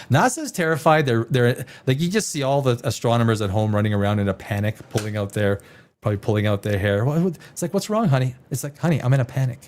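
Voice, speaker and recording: Lively sarcastic male live streamer. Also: medium pitch. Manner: sarcastic, rambling, laughs at headlines. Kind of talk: casual live stream commentary.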